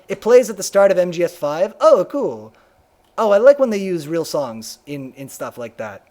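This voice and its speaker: A man's voice: fairly high pitch, lively intonation, moderate pace, darkish tone. A man streaming a video game live, chatting casually, reading game text aloud and humming to himself, his voice a little worn.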